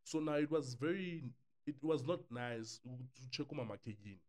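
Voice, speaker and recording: A young South African man, a podcast guest, telling a relaxed story and mixing English with Zulu. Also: medium pitch, normal speed. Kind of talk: casual podcast chat.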